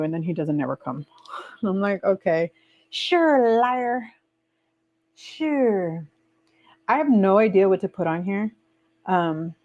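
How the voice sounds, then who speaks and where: Female streamer, laid-back and chatty, answers chat as she goes; slightly low voice, muffled stream sound. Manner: chatty, reads and answers viewer comments aloud; relaxed and lazy, trailing off with fillers. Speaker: livestream host. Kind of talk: casual live-stream chat while crafting. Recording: dull lo-fi stream audio.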